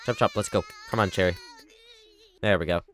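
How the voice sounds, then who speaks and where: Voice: sits low, fairly quick, fairly bright tone. A livestreamer giving casual running commentary on a game, chattily bossing the characters around. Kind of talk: casual live gameplay commentary.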